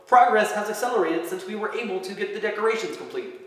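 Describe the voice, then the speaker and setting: A man's voice: sits high, lively intonation, quick pace, fairly bright tone, pitched above the performer's own voice. A man reading a story aloud, voicing an anxious male elf who stammers and pleads. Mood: pleading. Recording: echoey hall from far off.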